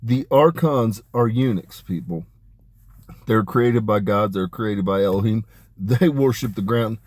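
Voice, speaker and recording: Man, low voice, dry close sound, rambling emphatic monologue, casual talk. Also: measured pace, a little mellow, no room sound. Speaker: spiritual channeler.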